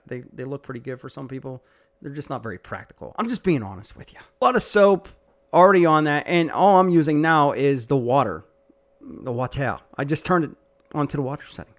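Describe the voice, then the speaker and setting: A man giving a casual, joking product demonstration outdoors while washing a truck, chatty and self-deprecating. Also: fairly high pitch. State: out of breath. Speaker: tool reviewer.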